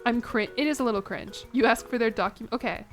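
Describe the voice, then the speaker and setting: A woman's voice: a little high, fast, soft background music. A young woman streaming a game, rambling and giggling as she chats with her viewers. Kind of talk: casual chat to a live chat.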